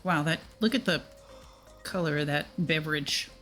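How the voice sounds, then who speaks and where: Woman streamer, casual chatty gameplay talk, soft music bed. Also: low voice, moderate pace. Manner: chatty, hesitant asides. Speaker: game streamer.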